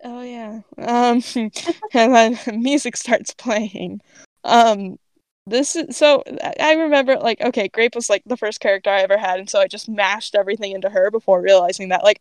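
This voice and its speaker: A woman's voice: mid-range voice, moderate pace, no echo. A young woman on a podcast reading her own old story aloud, giggling and breaking off to comment as she goes. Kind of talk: casual read-aloud with commentary.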